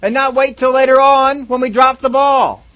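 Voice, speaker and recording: A man preaching a sermon, animated, repeating phrases for emphasis and acting out a crowd's reactions. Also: very high voice, normal speed. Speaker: pastor.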